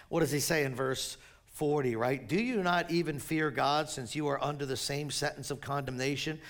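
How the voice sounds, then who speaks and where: Male pastor, gravelly and fairly high, animated sermon delivery with whispers and shouts.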